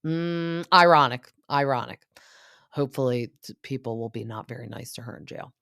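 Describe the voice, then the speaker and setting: A woman's voice: very deep voice, normal speed, gravelly, no echo, studio quality. A woman in her thirties hosting a podcast, chatting casually and gossipy with lots of filler words as she recaps reality TV. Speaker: podcast host.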